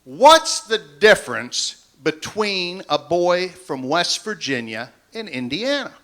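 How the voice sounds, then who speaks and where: Stand-up comic in his fifties, folksy and self-mocking, bright and bouncy delivery, club stage mic. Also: sits high, big pitch swings, slow. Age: 50s. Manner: folksy storytelling, self-deprecating. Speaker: stand-up comedian. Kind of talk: stand-up comedy set.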